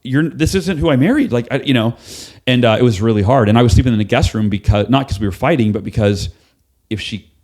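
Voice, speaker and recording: A middle-aged man, a podcast guest, telling a candid personal story and acting out the voices of people in it. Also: fast. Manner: animated, acts out quoted voices with big pitch jumps.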